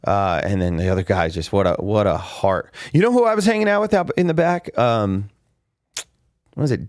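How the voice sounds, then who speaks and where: A man's voice: lowish voice, expressive, normal speed, a little mellow, no room sound, studio quality. A man hosting a casual fight recap podcast, telling rambling backstage stories with many restarts and fillers. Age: adult with a father. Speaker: podcast host. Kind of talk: casual chat.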